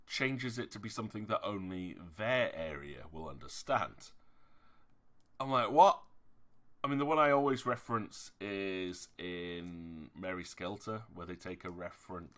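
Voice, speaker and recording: A low-pitched man with a Yorkshire accent talks casually to his stream audience. His voice is bright and forceful, with a tense edge. He wanders from point to point, stopping to correct himself and pressing hard on whatever annoys him. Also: expressive, moderate pace. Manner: rambling, hesitant, corrects himself often. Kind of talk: casual chat while streaming a game.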